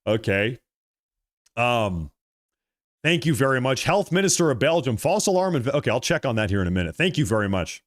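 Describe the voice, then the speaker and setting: A man's voice: medium pitch, big pitch swings, a little fast. A man hosting a political livestream, reading viewer comments aloud and answering them in an emphatic, repetitive way. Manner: emphatic, repeats phrases, thanks viewers by name.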